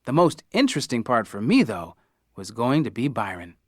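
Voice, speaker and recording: A man narrating an audiobook in the first person, with an expressive, wry storytelling manner. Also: mid-range voice, normal speed, no echo, studio quality.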